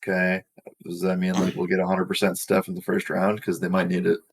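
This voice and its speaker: A man with a low voice talks sports casually as a co-host. He makes his case with numbers and firm opinions. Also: monotone, fairly quick, slight background noise. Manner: opinionated, builds arguments with stats. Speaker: co-host of a sports betting show.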